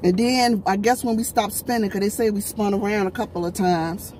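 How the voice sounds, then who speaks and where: A woman vlogger tells a storytime straight to camera, speaking emphatically to her viewers in a brisk, mid-range voice. Loud traffic noise sits behind her.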